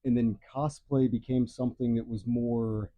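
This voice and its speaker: A man answering interview questions in a relaxed, easygoing way, with some halting pauses. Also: medium pitch, phone-quality sound. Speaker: guest prop maker.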